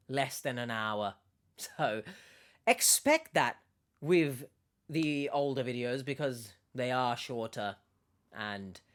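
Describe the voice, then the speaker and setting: A man giving casual video commentary, rambling and sarcastic, often stumbling and correcting himself. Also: fairly high pitch. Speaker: YouTube commentator.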